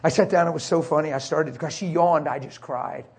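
Storytelling preacher man, hushed to fervent. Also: brisk, creaky, slightly rough. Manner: acts out voices in his story, drops to whispers, swings to high cries. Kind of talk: sermon storytelling.

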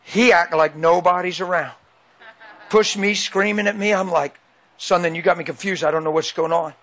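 A middle-aged man preaching a sermon, telling a personal story with animated delivery and acted-out dialogue. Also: high-pitched, normal speed. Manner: animated storytelling, acts out quotes. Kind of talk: sermon testimony.

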